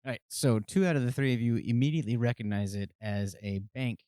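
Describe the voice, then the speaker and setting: A man running a tabletop game as game master, halting with frequent ums and uhs. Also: mid-range voice, warm tone, clear, resonant tone, dry recording, studio quality.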